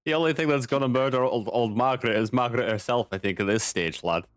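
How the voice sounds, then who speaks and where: A man's voice: medium pitch, fast, dry recording, studio quality, natural voice. A man voicing a boisterous, teasing adventurer in chainmail who laughs a lot and calls people "lad". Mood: jovial.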